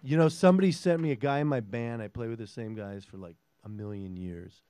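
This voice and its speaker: A man's voice: medium pitch, a little fast. A man from Minnesota with a Minnesotan accent, a guest musician chatting casually between songs in a garage studio, joking and self-deprecating in a rambling way. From Minnesota, USA. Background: guitar.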